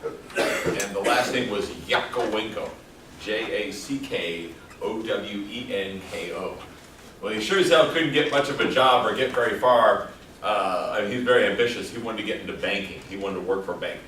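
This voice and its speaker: A man's voice: fairly low pitch, moderate pace, a bit bright, far from the mic, a little hiss or hum. A man lecturing a class in a casual, joking way, throwing questions out to the students. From El Paso, Texas. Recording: echoey classroom taped from afar.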